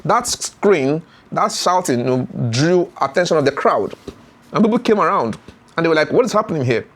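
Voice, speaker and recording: A man tells a story on his channel in a casual, animated way. His voice sits a little high for a man. He fills his talk with "you know" and acts out what the people in the story said. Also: normal speed. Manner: animated retelling with frequent fillers, acts out voices. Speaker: YouTube commentator. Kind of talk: storytelling commentary.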